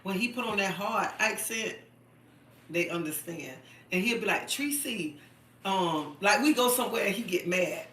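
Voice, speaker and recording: Woman, middle-aged, chatty live-streamer, bright and emphatic, repeats points, distant echoey phone sound. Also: medium pitch, normal speed. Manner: chatty and emphatic, repeats herself, keeps asking "okay?". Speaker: livestream host. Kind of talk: casual live-stream chat.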